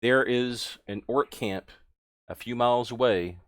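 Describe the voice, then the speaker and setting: A man running a tabletop game as game master, explaining things patiently and gently. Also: medium pitch, measured pace, clear, resonant tone.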